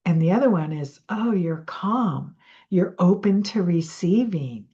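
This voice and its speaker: A woman's voice: lowish voice, expressive, unhurried, warm tone, muffled recording. A woman coach talking casually and rambling a little, correcting herself as she teaches and leads a breathing exercise. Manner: chatty and rambling, with self-corrections. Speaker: money mindset coach.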